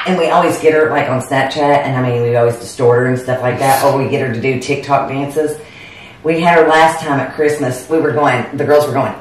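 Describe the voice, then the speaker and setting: Animated storytelling woman in an echoey room. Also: extremely low pitch, fairly quick, far from the mic. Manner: animated storyteller, acts out family quotes. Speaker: co-host. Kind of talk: casual chat over bourbon tasting.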